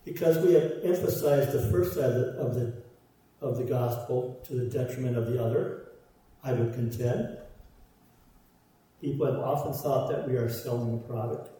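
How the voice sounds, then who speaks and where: A man's voice: medium pitch, normal speed, dark tone. A man preaching a sermon, stressing his points through repeated parallel phrases. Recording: roomy echo, voice from far off.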